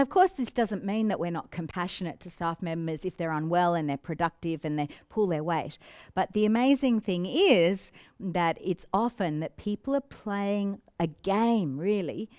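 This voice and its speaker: A woman's voice: medium pitch, a little mellow, dry recording, studio quality. A middle-aged woman coach explaining relationship patterns in a teaching monologue, often slipping into quoted voices. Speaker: business coach.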